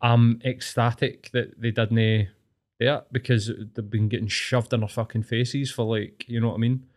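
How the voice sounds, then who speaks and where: A man's voice: medium pitch, little pitch movement, moderate pace, a little mellow. A young Scottish man hosting a podcast, giving blunt, sweary, opinionated rants in casual chat. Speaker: podcast host.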